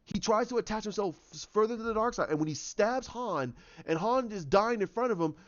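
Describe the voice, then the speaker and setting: A man giving casual commentary on films, rambling and animated, acting out scenes in voices. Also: sits high, fairly quick, muffled recording. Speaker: YouTube commentator.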